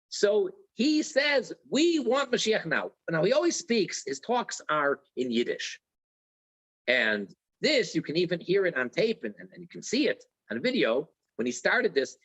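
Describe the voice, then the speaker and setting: A man's voice: high-pitched, fairly bright tone, lo-fi sound. A man teaching a religious lecture in an earnest way, repeating key phrases for emphasis.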